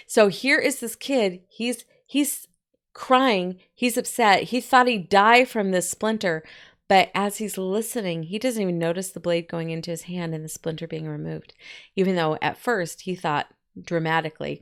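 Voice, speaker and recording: A woman teaching a poetry lesson in a chatty, folksy way, with asides and quick quoted voices. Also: lowish voice, clear, resonant tone. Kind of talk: poetry lesson, casual explaining.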